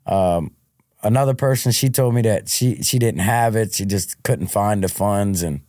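A man's voice: on the low side, normal speed, a little mellow, no echo, studio quality. A man being interviewed on a podcast, telling his life story in a frank, casual way and often restarting his words. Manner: frank, repeats word starts. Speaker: podcast guest.

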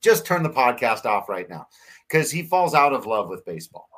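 A man co-hosting a sports podcast in a relaxed, conversational way. He talks earnestly and openly, laughing often as he goes. His voice sits at an ordinary middle pitch. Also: normal speed. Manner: emotional, laughing, sincere. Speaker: podcast co-host. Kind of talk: casual sports podcast chat.

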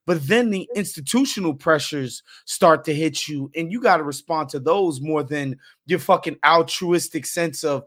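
A man with a slightly high voice hosts a loose, casual conversation. He asks his guest pointed, profane questions and swears freely. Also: animated, moderate pace, fairly bright tone. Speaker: podcast host.

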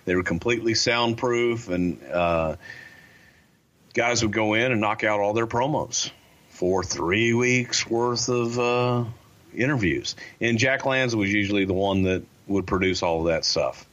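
A man's voice: lowish voice, unhurried, fairly bright tone, muffled recording. A man telling blunt, profane stories as an interview guest about his years in the business. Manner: blunt, profane, gruff storyteller. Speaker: guest, former wrestling promotion insider. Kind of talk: interview storytelling.

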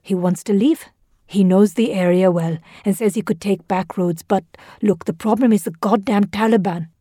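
A woman reading the lines of a tense, quick-tempered male school official in an audio drama, speaking clipped and defensive. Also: high voice, dark tone, no room sound, clean studio sound. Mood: urgent.

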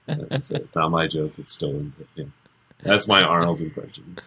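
Deep husky man chatting casually. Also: normal speed, pauses often, sharp tone. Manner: rambling storyteller, many fillers and restarts. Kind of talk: casual chat.

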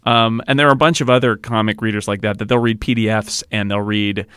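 A man guesting on a podcast, talking in a chatty, rambling way with frequent restarts. His voice is low and smooth. The sound is dry and close. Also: steady tone, fast talker, a bit bright, no room sound. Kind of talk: casual chat.

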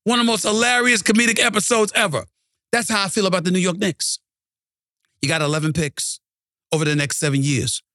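A man's voice: high voice, steady tone, a little fast, bright, forceful tone, no room sound, clean studio sound. A man hosting a sports talk show, ranting emphatically and repeating lines for punch. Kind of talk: ranting sports commentary monologue.

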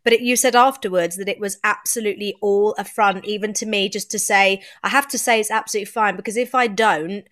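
A middle-aged woman and stage actress, chatting in an interview and quoting herself in lively asides. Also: mid-range voice, quick pace, few pauses. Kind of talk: casual interview chat.

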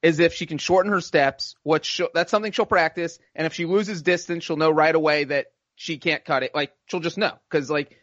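A man co-hosting a sports podcast, laying out points in a relaxed way. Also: a little high, fairly quick, hardly any pauses, no echo. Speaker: podcast co-host. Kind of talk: casual sports chat. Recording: dull, lo-fi dry audio.

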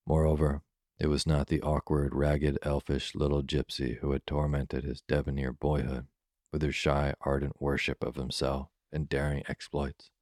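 A man reads a classic holiday tale for listeners drifting off to sleep. His voice is extremely deep and flat. The sound is close and dry, with no room around it. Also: no echo. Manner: calm, soothing, unhurried. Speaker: storyteller. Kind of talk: slow bedtime story reading.

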